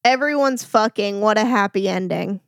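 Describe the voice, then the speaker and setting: A woman in casual chat as a podcast co-host, telling stories in a relaxed, playful way. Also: mid-range voice, normal speed, no echo, studio quality.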